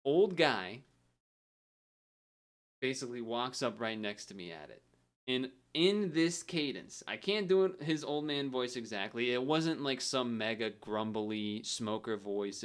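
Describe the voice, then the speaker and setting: A man's voice: medium pitch, animated, measured pace. Rambling man streaming a game. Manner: rambling, chuckling storyteller. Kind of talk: casual gameplay commentary.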